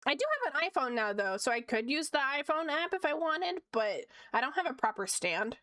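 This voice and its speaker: A woman's voice: high-pitched, animated, brisk, pushed and bright, dry recording, studio quality. A woman streamer chatting casually, answering chat with frequent giggles.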